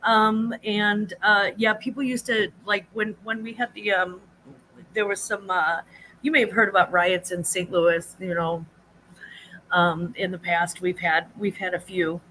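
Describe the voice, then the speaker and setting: A chatty woman hosts a casual livestream, her voice bright and forward. She rambles from one thought to the next and greets her viewers by name in a high sing-song. A faint hum of room ambience sits under her voice. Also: level tone, unhurried, poor audio. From United States. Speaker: livestream host. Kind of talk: casual live chat with viewers.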